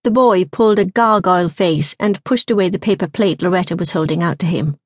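A woman narrating an audiobook in a measured, even storytelling manner on a close studio mic. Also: fairly low pitch, dry recording. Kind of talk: scripted narration.

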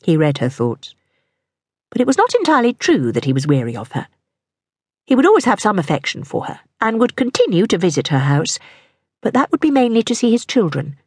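A woman narrating a historical novel for an audiobook in a measured, even manner. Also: mid-range voice, husky, no echo.

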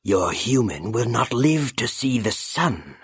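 A man voicing a slow, sinister phantom bird. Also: medium pitch, very animated, slightly rough, dry recording, studio quality, heavily acted. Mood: sinister coaxing. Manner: slow, silky, tempting. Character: sinister ancient male phantom bird, coaxing. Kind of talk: audiobook character voice.

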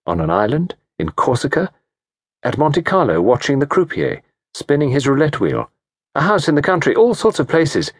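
Expressive male audiobook narrator, husky and dry-sounding, measured delivery. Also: on the high side, no echo. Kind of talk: scripted narration.

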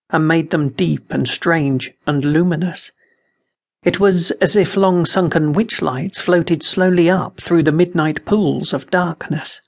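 Male narrator, fantasy audiobook, fairly high voice with gravelly grain, measured and dramatic.

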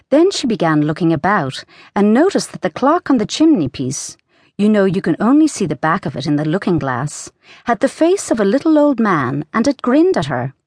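A woman narrating a children's storybook audiobook in a lively, expressive reading. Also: mid-range voice, no echo, studio quality.

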